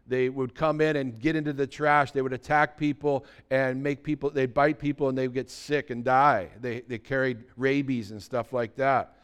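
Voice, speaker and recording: A man preaching a sermon as pastor, moving between quiet teaching and loud, emphatic outbursts. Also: medium pitch, fairly even intonation, normal speed, few pauses, clean tone.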